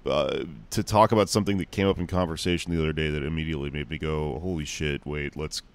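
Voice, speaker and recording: A man's voice: extremely low pitch, steady tone, fast. A man hosting a podcast in casual chat, joking and rambling with self-deprecating asides. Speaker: podcast host.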